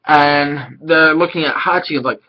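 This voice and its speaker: A man casually reviewing an anime episode, rambling and excitable, swearing now and then. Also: on the high side, normal speed, dull audio.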